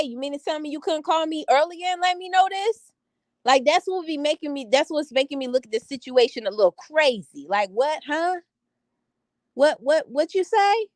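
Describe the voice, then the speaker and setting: Sassy high-voiced woman chatting to viewers. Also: dry recording. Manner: sassy, animated, talks straight to viewers. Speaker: vlogger talking to live chat. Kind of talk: casual live-stream chat.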